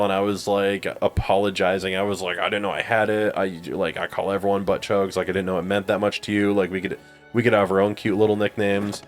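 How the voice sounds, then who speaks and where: Male co-host, lowish voice, rambling anecdote with game music faintly under it. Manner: rambling, filler-heavy, laughing at own stories. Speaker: gameplay co-host. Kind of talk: casual storytelling chat over gameplay.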